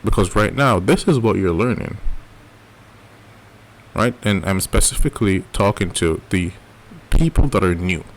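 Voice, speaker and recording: A trading educator runs a live lesson in a casual coaching style, frequently checking in with "right?" His voice is low-pitched and expressive, at a measured pace.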